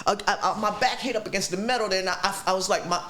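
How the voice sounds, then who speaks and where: A woman's voice: mid-range voice, quick pace, fairly bright tone, a little hiss or hum. A woman guest on a podcast telling her story vividly and profanely, acting out voices and sound effects. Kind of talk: animated storytelling.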